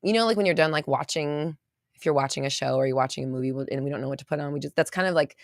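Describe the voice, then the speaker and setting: Chatty valley-girl woman podcast host, slightly low voice, dry close recording. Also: racing, dry recording. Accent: American valley girl. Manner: bubbly, chatty, lots of fillers and laughs. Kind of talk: casual livestream chat reading viewer comments. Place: home studio.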